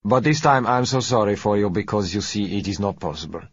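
A man voicing a sleek foreign oil dealer who talks politely, gently and without hurry. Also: lowish voice, expressive, quick pace, slightly rough, pitched above the performer's own voice. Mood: smooth, polite. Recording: dry, slightly dull recording.

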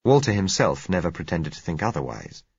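A man narrating an audiobook in a measured, reflective way. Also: sits low, sing-song, vocal fry, breathy edge, dry recording. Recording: muffled lo-fi recording.

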